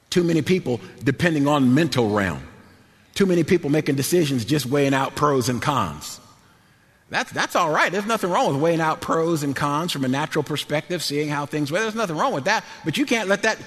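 Animated preacher in a reverberant hall. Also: male voice, fairly high pitch. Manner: animated, laughing, swings from loud to quiet. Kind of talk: sermon.

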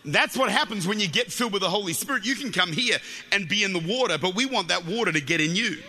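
A man with an Australian accent delivers a fast sermon in a large church hall where his voice echoes with long reverb. Very high and intensely bright, he jokes animatedly and rises into passionate, shouted appeals.

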